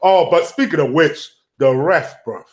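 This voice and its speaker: A man in casual football chat, excitable and swearing, stumbling over his words. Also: fairly high pitch, unhurried. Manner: excitable, swears, stammers on restarts. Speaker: football podcast guest.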